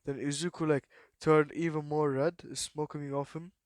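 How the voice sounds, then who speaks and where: A man telling a made-up fan story off the cuff, halting often and filling gaps with "then what?". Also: on the high side, level tone, no room sound. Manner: halting, full of fillers and repeated "then what?". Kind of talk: rambling improvised fan story retelling.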